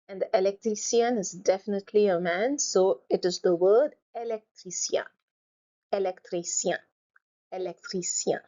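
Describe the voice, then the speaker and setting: A woman teaching a French class, explaining each point and repeating words slowly for students to copy. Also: mid-range voice, dark tone, highs cut off. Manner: slow, drawn-out repetition of words. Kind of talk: classroom lesson.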